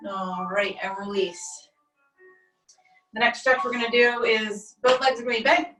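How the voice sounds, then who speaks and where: A woman's voice: fairly high pitch, normal speed. Woman leading stretches, distant and echoey. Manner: calm step-by-step cueing. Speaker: stretching instructor. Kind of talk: guided stretching class. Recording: echoey room, distant mic, faint music.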